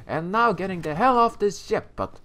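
A man doing let's play commentary on a shooter game, excitable and joking, yelling at enemies. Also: high-pitched, moderate pace. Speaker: gaming YouTuber.

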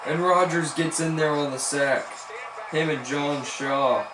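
A man giving live commentary on his football video game, excitedly cheering on and scolding his players as he plays. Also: on the high side, measured pace. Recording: echoey room with background noise.

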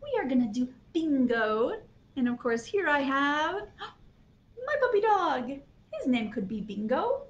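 High, lively woman doing toddler storytime. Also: roomy sound, dull audio, slight background noise. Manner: animated and sing-song, with gasps of delight. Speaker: children's librarian. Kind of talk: toddler storytime with songs and picture books. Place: library program room.

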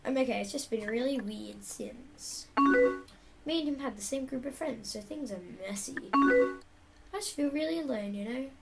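A young woman reads typed chat messages aloud and drops chatty asides between them. Her voice sits a little high and carries a gravelly fry. Loud music plays under her, with keyboard clacking in the background. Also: moderate pace. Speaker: YouTuber playing a chat game. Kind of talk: casual reading and reacting.

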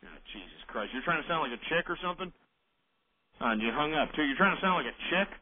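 A call-in radio host with a fairly high, sing-song voice speaks fast as he rants and hurls insults at callers. He's abrasive and belligerent, and the audio sounds tinny, like phone-quality radio.

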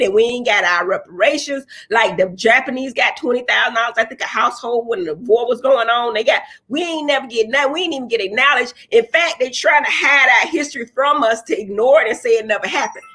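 Brief: high-pitched woman, blunt and profane, livestream host. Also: husky. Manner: blunt, profane, preachy and animated. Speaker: livestream host answering viewer comments. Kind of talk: casual livestream chat.

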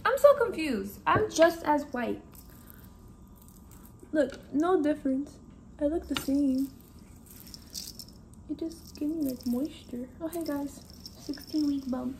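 A vlogger with a high, bright, gravelly voice talks to the camera from home in a frank, chatty way. She speaks slowly with lively intonation, pauses often and frequently breaks into exclamations. A faint room hum sits in the background.

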